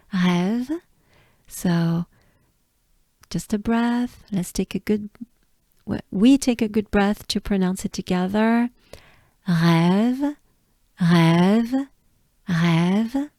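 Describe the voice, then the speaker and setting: A woman from France with a French accent, patiently teaching pronunciation and repeating each sound slowly. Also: medium pitch, dark tone, no echo, clean studio sound. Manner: patient, drills words by repeating them. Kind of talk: slow pronunciation lesson.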